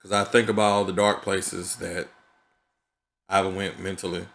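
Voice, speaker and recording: A man's voice: low voice, little pitch movement, moderate pace, a bit bright. A man talking through his thoughts in a casual, reflective vlog, earnest and conversational, often checking in with "you know what I mean". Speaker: vlogger.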